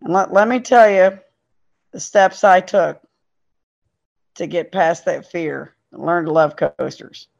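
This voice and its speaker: Gravelly middle-aged woman telling a story. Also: fairly low pitch, takes it slowly, long pauses. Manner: earnest, emphatic. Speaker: podcast guest, parent. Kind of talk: casual storytelling. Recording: dull lo-fi sound.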